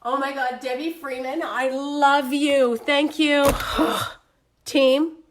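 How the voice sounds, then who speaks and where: Woman, sick with a cold, chatty live host, flustered, fairly high voice. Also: steady tone, slow, background noise. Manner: flustered, chatty, moves away from the camera. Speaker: crafting livestream host. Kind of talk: casual live chat.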